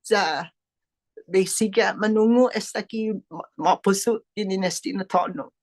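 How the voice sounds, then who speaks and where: A woman's voice: mid-range voice, moderate pace, darkish tone. Woman speaking carefully in a learned language. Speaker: language student. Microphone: video call.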